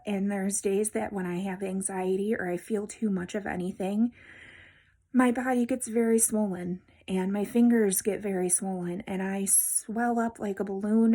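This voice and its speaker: A woman in a personal vlog speaks warmly and directly to the people watching. Her voice is gentle and reassuring, and at the tenderest moments it drops to a hushed near-whisper. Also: mid-range voice. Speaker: vlogger. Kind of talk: heartfelt personal vlog talk.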